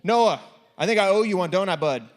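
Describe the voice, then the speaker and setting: Brief: male game host, higher voice, joking with teens in a church youth room. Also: lively intonation, fairly quick. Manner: playful, laughing, teasing.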